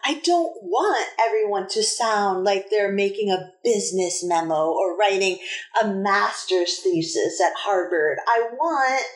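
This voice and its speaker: A woman from New England co-hosts a casual podcast, her fairly high voice leaping all over as she tells a story with lots of emphasis. The room around her rings with noticeable echo. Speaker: podcast co-host. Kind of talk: casual chat.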